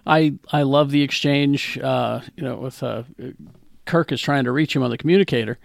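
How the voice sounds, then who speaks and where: Gravelly man recapping in casual chat. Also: mid-range voice, moderate pace, no room sound, studio quality. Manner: animated retelling, frequent restarts. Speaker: podcast co-host.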